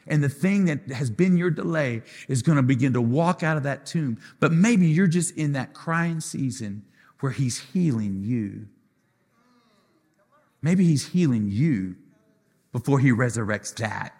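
A man who is a pastor preaching a sermon with passion, swinging between loud declarations and soft, quiet asides. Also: on the high side, lively intonation, unhurried. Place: church sanctuary. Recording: live church hall with music behind.

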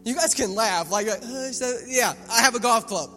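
Male preacher, 30s, high voice, animated storyteller, big reverberant hall. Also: normal speed. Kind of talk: sermon. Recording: long hall reverb with faint music.

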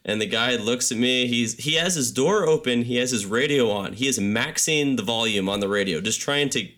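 A young man casually telling a travel story on a podcast, animated and full of filler words. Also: medium pitch, normal speed.

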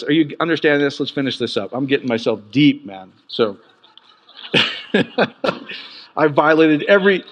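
A man preaching a sermon in an animated way, jumping from loud bursts to quiet asides. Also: big-room sound. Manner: animated, swings from loud peaks to low asides.

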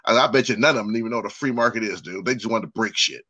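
A man's voice: on the low side, very fast, bright, forceful tone, slightly rough. A man co-hosting a casual chat, ranting in a profane way and often restarting his sentences.

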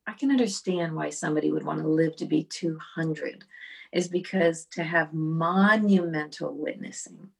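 A middle-aged woman, a songwriter guest, telling stories in a lively podcast chat with many restarts. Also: sits low, normal speed, creaky, husky. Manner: storytelling, animated, with restarts. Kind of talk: casual podcast conversation.

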